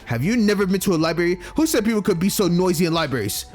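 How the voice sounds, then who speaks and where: A man's voice: high-pitched, lively intonation, quick pace, soft background music, voice pushed up. A man voicing a large, stern young woman librarian who scolds in a raised voice. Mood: angry.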